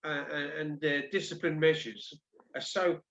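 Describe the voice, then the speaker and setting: A man's voice: fairly high pitch, fairly even intonation, unhurried, a bit bright. A man hosting a casual discussion show, talking conversationally with frequent restarts. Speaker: host. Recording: dull lo-fi audio.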